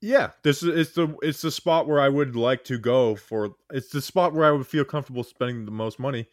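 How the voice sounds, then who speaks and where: A man's voice: mid-range voice, fairly quick, no echo, clean studio sound. A young man co-hosting a sports podcast, talking loosely and teasing his partner, with lots of fillers. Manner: teasing, loose, full of fillers like "you know". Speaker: podcast co-host. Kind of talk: casual sports podcast chat.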